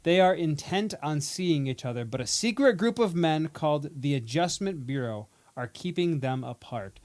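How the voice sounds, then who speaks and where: A man's voice: fairly high pitch, lively intonation, moderate pace, darkish tone. A man co-hosting a casual movie podcast, summarizing a film and joking around. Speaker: podcast co-host. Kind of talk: casual movie review chat.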